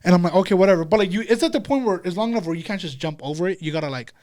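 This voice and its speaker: A man's voice: high voice, animated, very fast, a little mellow. A man on a podcast telling an embarrassing story about himself, crude and self-mocking. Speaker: podcast co-host. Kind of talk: casual storytelling chat.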